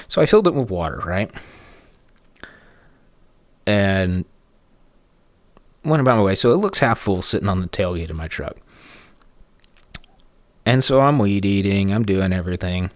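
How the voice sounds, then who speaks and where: Man, low-pitched, snarky storyteller, rambling, dry sound. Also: dry recording. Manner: rambling, snarky, chuckling asides. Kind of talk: casual storytelling.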